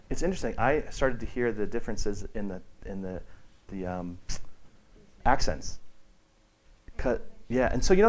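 A man at a middling pitch leads an informal meditation teaching. He rambles and restarts often. He livens things up by acting out the people he quotes. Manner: rambling and conversational, with many restarts and fillers. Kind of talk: casual teaching talk to a group.

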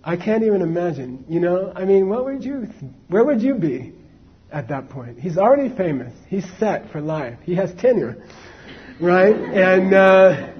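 Male teacher, husky, chatty storyteller with asides, dull recording. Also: high-pitched, sing-song, measured pace. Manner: conversational, many fillers and asides to the audience. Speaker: Buddhist teacher. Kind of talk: casual dharma talk, storytelling.

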